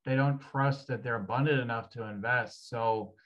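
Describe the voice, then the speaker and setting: A man's voice: medium pitch, moderate pace, fairly bright tone, poor audio. A man hosting a talk as an energy healer, rambling and hesitant with many fillers. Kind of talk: casual conversation.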